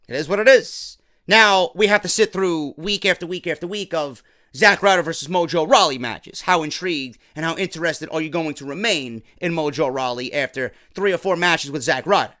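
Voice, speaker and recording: A man with a New York accent reviewing a wrestling show, ranting with profanity and sarcasm and getting loud and heated. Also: high-pitched.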